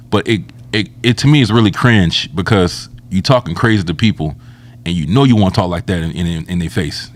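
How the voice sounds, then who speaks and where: A man co-hosting a podcast, telling stories in slangy, animated casual chat. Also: on the low side. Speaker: podcast co-host.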